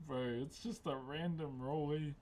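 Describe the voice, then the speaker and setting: A man's voice: fairly high pitch, steady tone, unhurried, darkish tone, slight background noise. A young man chatting casually on a live stream, laid-back and slangy, laughing often.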